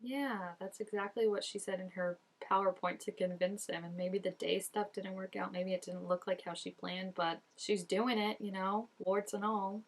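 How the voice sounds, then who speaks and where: A woman's voice: medium pitch, steady tone, moderate pace, few pauses. A young woman hosting a casual reaction video, chatting emotionally and talking back to the screen.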